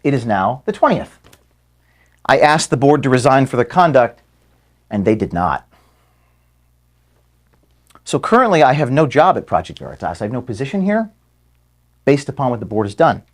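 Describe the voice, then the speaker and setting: In an office room, a man on the verge of crying haltingly says goodbye to his staff, repeating words and saying sorry for his feelings. His pitch is medium and swings widely.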